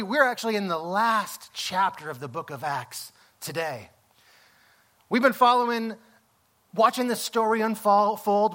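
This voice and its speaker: Middle-aged male pastor, storytelling sermon, high and bright, acts out the lines. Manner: storytelling, animated, acts out exclamations.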